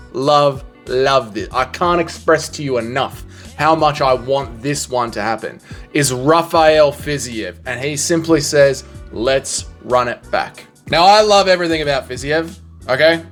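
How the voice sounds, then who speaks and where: A man giving casual, opinionated sports commentary, animated and swearing freely. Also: a little high. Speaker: commentary vlogger.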